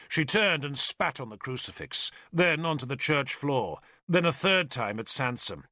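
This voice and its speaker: A man narrating an audiobook in an expressive storytelling manner. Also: medium pitch, a little slow, few pauses, no echo, studio quality.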